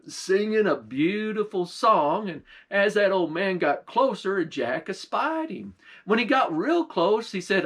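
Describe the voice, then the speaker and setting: A man, a pastor, telling a folk tale in folksy, unhurried storytelling with dialect words, then closing with a short sermon. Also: on the high side, a bit bright.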